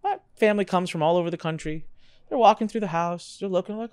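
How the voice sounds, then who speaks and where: A man hosting a podcast interview, telling a personal story with animated voices for his family. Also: high-pitched, fast, clean tone, no room sound, clean studio sound. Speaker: podcast host.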